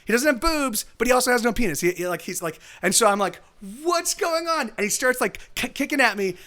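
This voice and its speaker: A man with a high voice tells a long story on a live stream in casual chat. He rattles along quickly, swearing freely and stopping often to correct himself. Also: animated, sharp tone. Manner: rambling, profane, full of self-corrections.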